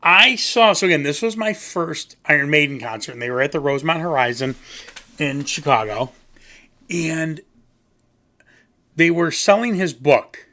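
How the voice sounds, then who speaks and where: Man from the American Midwest, bright tone, slightly high voice, rambling goofy self-mocking review chat. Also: lively intonation, normal speed, long pauses. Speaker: music reviewer. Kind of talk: casual rambling video talk.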